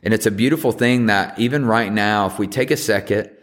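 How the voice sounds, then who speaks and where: A man in his thirties with a very deep voice hosts a podcast in a personal, reflective monologue. He speaks earnestly and haltingly, full of ums and restarts. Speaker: podcast host.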